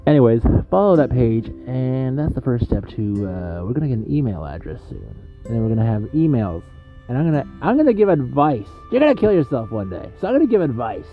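A man hosting a comedic podcast monologue, rambling between hushed spooky storytelling and yelling rants. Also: medium pitch, sing-song, a little fast, narrow, tinny audio, soft background music. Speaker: podcast host.

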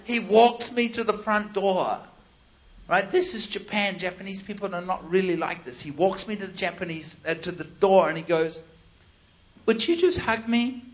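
A man preaching, telling a lively story and acting out the quoted lines with laughter. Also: high-pitched, normal speed, slight background noise. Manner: animated, laughing, acts out quotes. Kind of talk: storytelling sermon.

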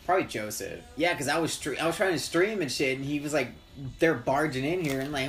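A young man hosts a podcast, rambling through casual stories with a lot of swearing. His voice is fairly high and a bit bright, his pace quick, with faint music behind him.

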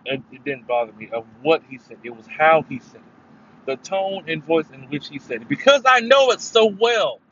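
Profane rambling man on a podcast. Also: a little high. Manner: profane, rambling, emphatic with sudden loud bursts. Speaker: podcast host. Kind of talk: casual solo podcast rant. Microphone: headphones mic. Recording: dull lo-fi sound with faint noise.

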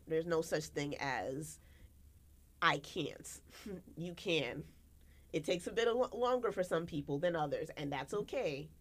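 A young American woman co-hosting a podcast tells stories in casual conversation, animated throughout, and acts out quotes with big jumps in pitch.

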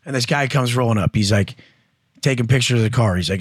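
A man's voice: mid-range voice, fast, husky, no echo, studio quality. A man speaking as a guest entrepreneur and coach, telling blunt, profane stories and acting out the voices of the people in them. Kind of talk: casual interview storytelling.

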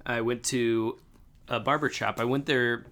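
A man's voice: mid-range voice, fairly even intonation, a little slow, fairly bright tone. A young man in casual chat, telling a story with lots of fillers and restarts.

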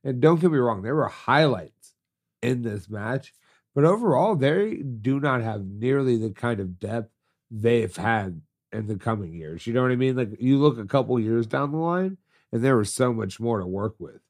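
A man's voice: mid-range voice, lively intonation, moderate pace. A stuffed-up man co-hosting a podcast, chatting casually and teasing his co-host. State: congested. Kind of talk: casual chat.

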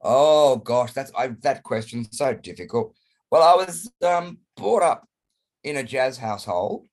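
A hoarse Australian man, croaky from a chest cold, chatting flamboyantly and playfully as a guest over a video call. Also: mid-range voice, animated, measured pace. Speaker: guest performer. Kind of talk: casual interview chat over video call.

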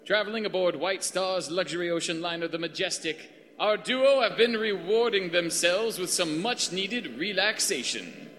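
A man's voice: high voice, lively intonation, moderate pace, fairly bright tone, long reverb tail. A man narrating a radio drama in a theatrical, announcer-like manner.

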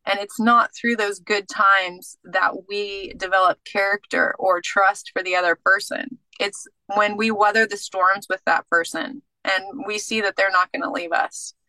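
A woman guest telling her faith testimony in casual, animated storytelling, acting out bits of dialogue. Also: medium pitch, measured pace, few pauses, dry recording, rough recording.

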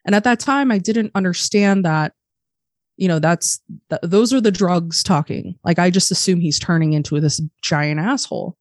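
A woman's voice: on the low side, moderate pace, no echo, studio quality. A young adult woman telling a story as a podcast guest, blunt and swearing freely, acting out the voices of people she quotes. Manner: blunt, animated, acts out quoted dialogue. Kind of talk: candid storytelling, lots of swearing.

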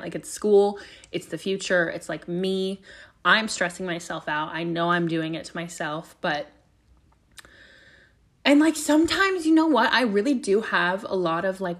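A young woman hosting a solo podcast, talking in a loose, rambling way and swearing freely as she opens up. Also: medium pitch. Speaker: podcast host. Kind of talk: candid solo podcast chat.

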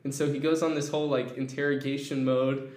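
A young man telling a childhood story in a casual, animated way, laughing as he goes. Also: medium pitch, a little fast. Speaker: storyteller guest. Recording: echoey room.

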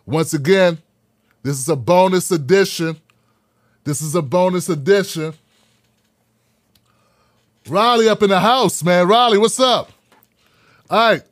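A man hosting a live podcast, talking in an animated, preachy way and repeating phrases for emphasis. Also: sits high, a little slow, pauses often, no echo, clean studio sound. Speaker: podcast host. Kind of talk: live-streamed podcast talk.

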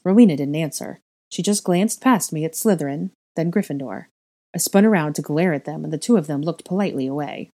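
Low-voiced woman reading fiction aloud, calm and steady, mellow tone. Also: fairly quick. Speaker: reader. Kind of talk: audiobook-style fiction reading.

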